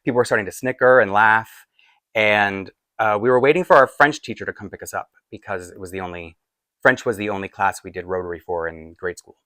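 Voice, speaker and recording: A man in his forties tells a personal story at a casual, halting pace, full of fillers and restarts. His voice sits low, and the sound is dry and close. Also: pushed and bright, no echo. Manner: rambling, halting with many fillers. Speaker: doll collector vlogger.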